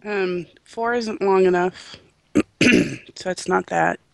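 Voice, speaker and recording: A woman's voice: fairly low pitch, steady tone, slow pace, gravelly, no echo. A woman co-hosting a gaming podcast, answering a quiz question in a giggly way. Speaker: podcast co-host. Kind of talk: casual gaming chat.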